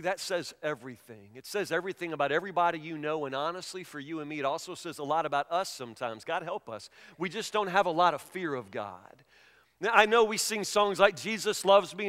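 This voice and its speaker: A middle-aged man preaching a sermon as a pastor, telling stories emphatically and swinging between hushed and loud delivery. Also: on the high side. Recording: long reverb of a large hall.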